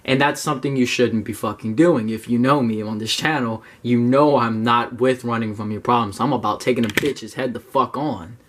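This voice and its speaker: Young guy ranting to his viewers, swears a lot, casual and direct, average pitch. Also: normal speed, few pauses, a little hiss or hum. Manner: blunt, profane, animated, talks straight to viewers. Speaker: self-help YouTuber. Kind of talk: casual talk to camera.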